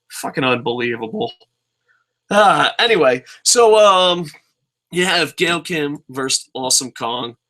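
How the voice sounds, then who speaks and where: A man's voice: fairly high pitch, bright, forceful tone. A young man reviewing a wrestling show in a profane, sarcastic rant, acting out quotes as he goes. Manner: sarcastic, swears constantly, acts out quotes.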